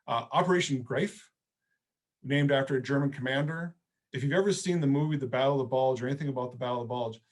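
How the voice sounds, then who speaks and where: Conversational middle-aged history lecturer. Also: male voice, medium pitch. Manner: conversational storytelling with casual phrasing. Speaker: history professor.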